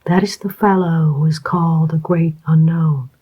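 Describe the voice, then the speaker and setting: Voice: medium pitch, fairly even intonation, moderate pace, slightly rough, natural voice. A reader voicing a sly, contemptuous man posing as an army major, in a whispered role-play with a faintly mocking manner. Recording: dull lo-fi recording.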